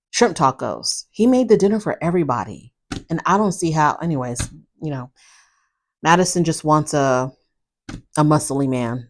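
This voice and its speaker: A woman recapping a reality TV episode in casual, animated commentary, often acting out what people said. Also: deep voice. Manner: animated, opinionated, acts out quotes; frequent fillers and restarts.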